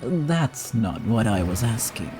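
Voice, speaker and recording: A man voicing a cocky male crime boss who speaks slowly and mockingly, in a game playthrough. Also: lowish voice, big pitch swings, over music. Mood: menacing.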